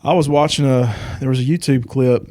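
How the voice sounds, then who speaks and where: A man hosting a podcast interview in a relaxed, conversational way, often chiming in with short agreements. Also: medium pitch, fairly quick, noisy background. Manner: affirming listener, frequent short agreements. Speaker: podcast host. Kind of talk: casual interview chat.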